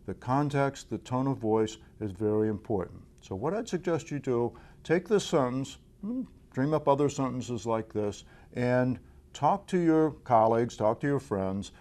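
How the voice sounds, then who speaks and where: A man presenting a communication tips lesson straight to the viewer, in a clear, deliberate, instructional way. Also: mid-range voice, lively intonation, a little mellow. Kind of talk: direct-to-camera coaching lesson.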